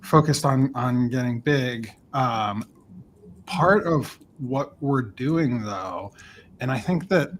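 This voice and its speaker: A man speaking on a panel in a halting way, restarting his sentences often. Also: mid-range voice, a little hiss or hum. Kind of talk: panel discussion.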